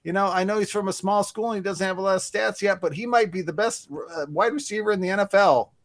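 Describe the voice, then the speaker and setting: A man doing an impression of an overexcited football TV commentator who gushes and stays high and loud. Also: fast talker. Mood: gushing. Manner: stays high and loud, sing-song gushing.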